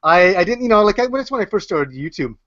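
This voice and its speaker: A Canadian man, a YouTuber appearing as a podcast guest, jokes and rambles on a casual podcast with plenty of fillers and restarts. His high voice is sing-song, quick and a bit bright. The recording is dry, muffled and lo-fi.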